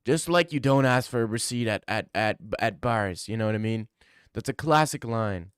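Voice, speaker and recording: Male streamer, casual rambling banter, smooth clear voice, mid pitch, dry close sound. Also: lively intonation, moderate pace, no room sound. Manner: rambling, joking banter with chat. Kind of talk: casual livestream chat.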